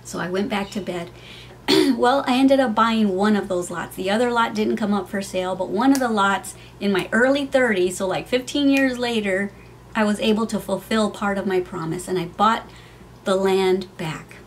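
A woman's voice: mid-range voice, moderate pace, slight background noise. Chatty middle-aged woman telling a story. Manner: chatty, heartfelt storytelling with many fillers. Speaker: vlogger. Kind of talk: personal storytime. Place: at home.

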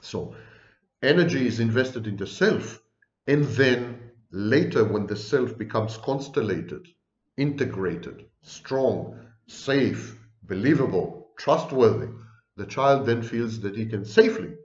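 A man giving an online video lecture on psychology, stringing ideas together in rolling lists and adding dry, ironic asides. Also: medium pitch. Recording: roomy, dull lo-fi recording.

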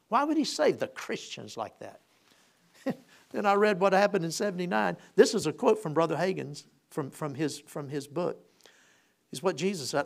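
Gravelly male preacher telling a story. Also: fairly high pitch, very animated, moderate pace. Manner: storytelling with repeated restarts, swelling in emphasis. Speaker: pastor. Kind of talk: sermon, personal story.

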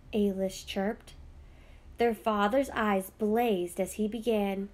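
A woman reading a children's picture book aloud with gentle, expressive storytelling. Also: medium pitch, slow.

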